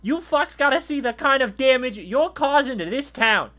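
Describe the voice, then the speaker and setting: A man's voice: very high voice, animated, normal speed, pushed and bright, pitched above the performer's own voice, heavily acted. Man doing a cocky half-orc street kid. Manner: cocky, crude street slang. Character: defiant half-orc street boy protester.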